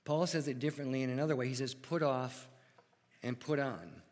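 A man preaching a sermon as pastor in a church, earnest and deliberate, asking his congregation rhetorical questions. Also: mid-range voice, in a large hall.

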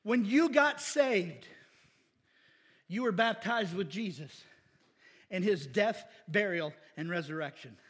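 A man pastor preaching a casual, animated sermon in a church, with shouted bursts. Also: high voice, slow, long pauses, husky, big-room sound. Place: church sanctuary.

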